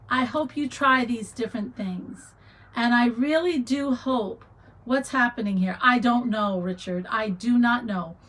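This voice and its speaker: A woman's voice: fairly high pitch, poor audio. Chatty woman hosting a livestream. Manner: chatty, reads viewer comments aloud, warm encouragement. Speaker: livestream host. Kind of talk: casual livestream chat.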